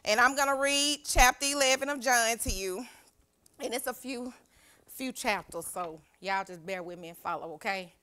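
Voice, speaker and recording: A woman's voice: on the high side, normal speed, sharp tone, clear, resonant tone. A young woman preaching a sermon as youth pastor, exuberant and calling out to the congregation in a church. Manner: exuberant, call-and-response with congregation.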